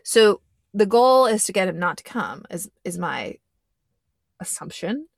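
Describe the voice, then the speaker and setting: A woman's voice: mid-range voice, very animated, unhurried, creaky, slightly rough, dry recording. Young woman, emphatic opinionated chat, dry close mic. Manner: opinionated, emphatic, speaks in sweeping asides. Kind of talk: casual chat.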